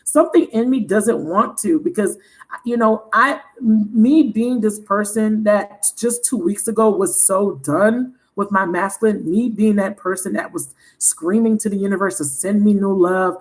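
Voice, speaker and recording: A woman's voice: medium pitch, moderate pace, poor audio. A woman hosting a tarot livestream, talking frankly and animatedly, swearing freely and laughing often. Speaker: tarot reader and channel host. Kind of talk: candid livestream chat.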